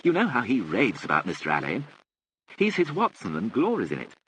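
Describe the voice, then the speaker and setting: A man's voice: on the low side, wildly swooping pitch, a little fast, fairly bright tone, slight background noise, voice pushed up, low-quality recording. A man voicing a theatrical, flippant young aristocratic woman with breezy upper-class chatter.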